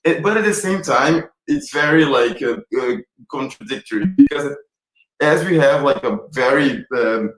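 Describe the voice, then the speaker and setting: A man's voice: a little high, normal speed, echoey room, rough recording. A man from Brazil speaking animatedly and rambling as a guest in a virtual film Q&A. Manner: animated, rambling, self-described extravagant. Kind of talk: virtual Q&A conversation.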